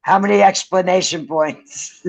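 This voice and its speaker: Easygoing co-host with a slow drawl. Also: medium pitch, fairly even intonation, vocal fry, low-quality recording. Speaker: livestream co-host. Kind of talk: casual political chat.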